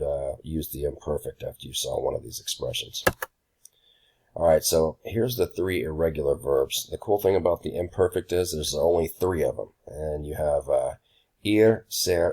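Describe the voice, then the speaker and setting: Very deep-voiced man teaching a casual lesson. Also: breathy edge. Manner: relaxed, many ums and uhs, says y'all. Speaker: Spanish teacher. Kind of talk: casual recorded grammar lesson.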